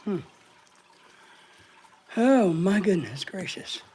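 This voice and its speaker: Host, female, short of breath, mellow voice, rambling chat that greets each viewer. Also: mid-range voice, expressive, extremely slow, breathy edge. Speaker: live-stream host. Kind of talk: casual live-stream chat.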